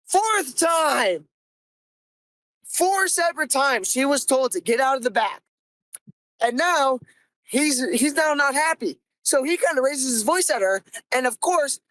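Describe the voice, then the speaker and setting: Young woman podcasting about her job, high voice, fed up and animated, cusses a lot, dry close sound. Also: no echo, poor audio. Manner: animated, exasperated, swears freely. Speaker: podcast host. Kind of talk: comic first-person storytelling.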